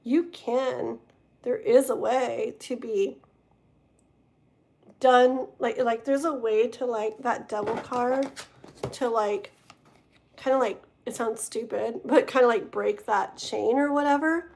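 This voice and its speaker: Woman reading tarot on a live stream, kinda high voice, rambles and trips over words. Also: steady tone, slow pace, vocal fry, darkish tone. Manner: talks straight to the viewer. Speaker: tarot reader.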